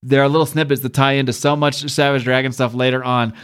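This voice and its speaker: A man's voice: mid-range voice, level tone, quick pace, fairly bright tone, clean tone. A man hosting a podcast, retelling a comic book in casual chat and acting out its dialogue. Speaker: podcast host.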